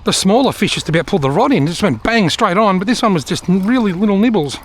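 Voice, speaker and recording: A man's voice: high-pitched, animated, quick pace. Chatty Australian man fishing outdoors. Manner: chatty, dry humour, talks to himself. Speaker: fishing vlogger. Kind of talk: casual vlog commentary. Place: outdoors by a river.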